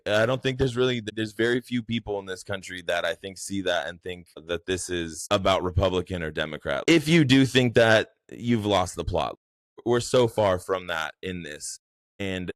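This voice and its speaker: Profane, rambling young man, low dry voice. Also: no room sound. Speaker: podcast host. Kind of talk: casual commentary.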